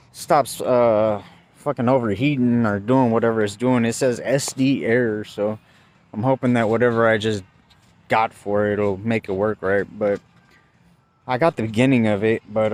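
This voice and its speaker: A man tells a story straight to the camera in a loose, unscripted way, full of fillers and curse words. His voice sits at a middle pitch for a man but jumps sharply higher and louder whenever he acts out what he said in the moment. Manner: profane, agitated storytelling, voice jumps high when quoting himself. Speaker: vlogger. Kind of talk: casual spoken recap.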